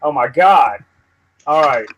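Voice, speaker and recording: A man's voice: a little high, lively intonation, takes it slowly, fairly bright tone, low-quality recording. Profane, frustrated man with a drawl. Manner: profane, easily frustrated, rambling. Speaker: livestream host. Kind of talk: casual live news stream.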